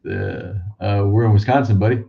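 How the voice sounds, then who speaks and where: A man's voice: fairly low pitch, fairly even intonation, normal speed, vocal fry, lo-fi sound. A man hosting a casual live chat show, joking and profane, with rambling asides. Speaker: show host.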